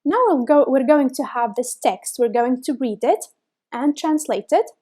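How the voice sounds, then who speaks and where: Young female teacher, high voice, slow and patient, breaks words into single sounds. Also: warm tone. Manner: spells sounds out letter by letter, repeats words slowly. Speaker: language teacher. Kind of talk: slow, careful lesson.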